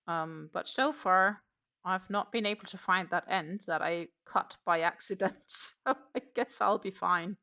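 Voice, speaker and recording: A woman with a low, gravelly voice that still has a bright, sharp edge chats casually on a live crochet stream. She rambles from one thought to the next and answers viewers' comments as she works. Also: a little slow, muffled recording. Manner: chatty, rambling, reads viewer comments aloud. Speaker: crochet livestream host. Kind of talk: casual chat while crocheting.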